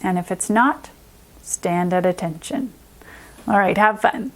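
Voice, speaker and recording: A woman who is a reading specialist teaching a children's phonics lesson, sounding out letters slowly and clearly. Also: medium pitch.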